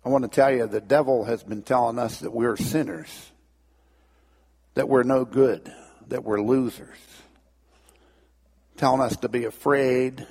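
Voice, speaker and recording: Gravelly folksy preacher man. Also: mid-range voice, a little mellow, big-room sound. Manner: folksy, conversational. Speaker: pastor. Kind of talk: sermon with storytelling.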